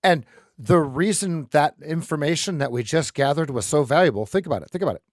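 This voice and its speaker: A man hosting a live trading stream, explaining charts in an animated, joking way and often repeating his words. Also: a little high, a little fast, no room sound, clean studio sound.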